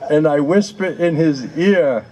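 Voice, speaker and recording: Slow, higher-voiced man telling a funny story. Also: warm tone, rough recording. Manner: slow, drawn-out delivery with laughter, mock-pleading repetitions. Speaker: storyteller to an audience. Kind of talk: humorous anecdote telling.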